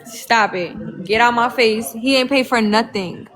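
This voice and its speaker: A woman's voice: on the high side, fairly even intonation, moderate pace, a bit bright, soft background music. A woman on a reality show, chatting casually on a livestream in a sassy, emphatic way, addressing viewers directly. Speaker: reality show cast member.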